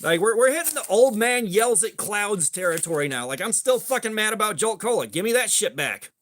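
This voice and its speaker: A man's voice: sits high, lively intonation, brisk, a bit bright. A middle-aged man hosting a casual livestream chat, rambling and swearing freely with a lot of filler. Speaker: host.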